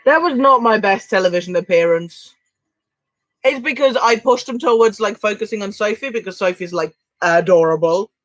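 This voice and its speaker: Woman from Switzerland, live-stream co-host, casual chat, quick filler-heavy talk, dry sound. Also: mid-range voice, no echo, poor audio. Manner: chatty and quick, with lots of "like" fillers.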